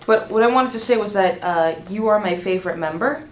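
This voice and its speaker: A young woman vlogger excitedly telling a story, gushing and tripping over her words as she goes. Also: mid-range voice, brisk, a little hiss or hum. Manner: gushing, restarts often, lively. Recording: roomy echo, faint background ambience.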